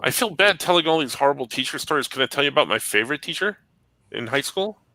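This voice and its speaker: Bright-voiced man telling lively stories. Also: mid-range voice, fast, no room sound, rough recording. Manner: animated storyteller, laughs often. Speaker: comic shop podcast co-host. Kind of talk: casual storytelling chat.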